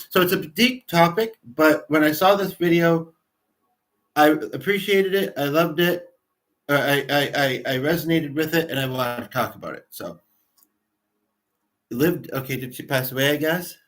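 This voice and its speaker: A man's voice: a little high, normal speed, fairly bright tone. A man in his thirties from Canada, hosting a casual livestream and chatting in a rambling way with viewers in the chat. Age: 30s. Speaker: livestream host.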